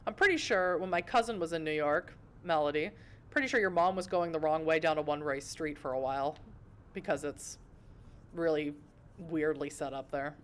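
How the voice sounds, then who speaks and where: A woman's voice: sits low, normal speed, fairly bright tone. Playful American woman streamer. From United States. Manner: playful, laughs often, self-mocking. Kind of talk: reading a visual novel aloud with chatty asides.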